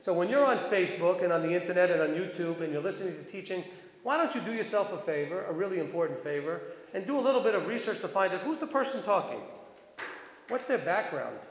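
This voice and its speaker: A man with a high voice preaches to a congregation in a relaxed, talkative way, reading verses aloud and turning to his listeners with questions. His voice rings out across a large hall with a long echo. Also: fast talker. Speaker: teacher of a congregation. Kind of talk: sermon. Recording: echoey hall.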